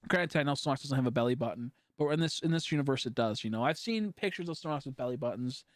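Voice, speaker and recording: A man's voice: medium pitch, expressive, quick pace, few pauses, no room sound, clean studio sound. A young man chatting casually on a livestream, rambling and joking and laughing often as he talks. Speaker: streamer.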